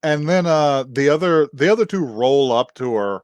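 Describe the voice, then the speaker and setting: A man's voice: a little high, expressive, moderate pace, no room sound. A young man co-hosting a podcast, casually recapping an anime episode, often laughing and acting out the characters' lines. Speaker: podcast co-host.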